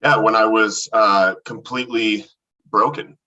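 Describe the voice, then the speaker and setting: A man recounting his recovery from addiction as a podcast guest, earnest and halting, with many restarts. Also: lowish voice, steady tone, sharp tone, distant mic, lo-fi sound. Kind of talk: candid testimony in a podcast conversation.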